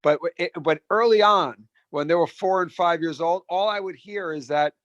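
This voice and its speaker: A middle-aged man telling stories in a casual interview, animated, with many restarts and repeated words. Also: fairly high pitch, moderate pace, dry recording, dull audio. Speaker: restaurant founder and guest.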